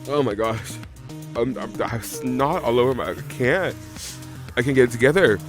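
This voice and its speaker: A man's voice: medium pitch, moderate pace, faint music behind. A man streaming live, emotional and teary from crying, rambling as he reads out follower names. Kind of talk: live watch-along reaction stream.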